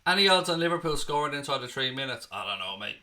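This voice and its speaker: A man's voice: mid-range voice, big pitch swings, fast, sharp tone. An Irish man hosting a live stream, chatting casually, reading viewer comments aloud and answering them, with the odd swear word. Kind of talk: casual live watchalong chat.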